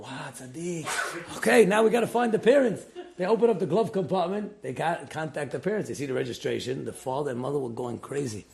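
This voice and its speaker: Animated gravelly male storyteller rabbi. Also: moderate pace. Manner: animated storyteller, acts out quotes with big pitch jumps. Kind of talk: storytelling Torah class.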